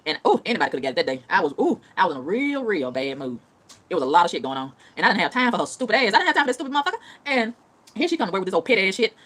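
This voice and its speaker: A woman rattling off a profane rant at top speed, repeating lines for emphasis. Her pitch swoops up and down with lively energy. It is an unscripted, casual vlog delivery. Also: rapid-fire. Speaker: vlogger.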